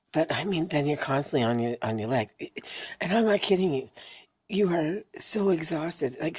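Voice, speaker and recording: Woman vlogger, very deep husky voice, exhausted, candid, swears freely. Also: a little mellow. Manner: emotional, blunt, swears freely. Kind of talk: candid personal vlog.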